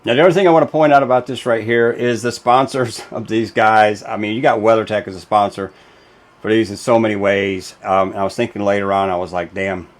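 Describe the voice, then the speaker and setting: A man's voice: fairly low pitch, fairly even intonation, brisk. A man hosting a racing show, talking casually and emphatically, with lots of fillers and restarts. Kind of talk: casual commentary video.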